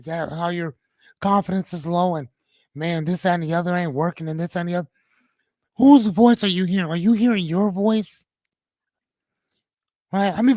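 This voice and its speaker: Man, host, casual chat, animated, repetitive questions, dry sound. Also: high voice, dry recording. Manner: animated, repeats his questions. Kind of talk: casual live-stream chat.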